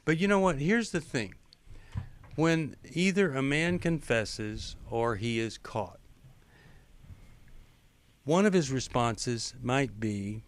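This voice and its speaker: A man's voice: medium pitch, expressive, slow pace, pauses often, no echo. A middle-aged man hosting a call-in advice radio show, talking in a direct, coaching way. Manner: direct, coaching, quotes others in acted lines. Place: radio studio.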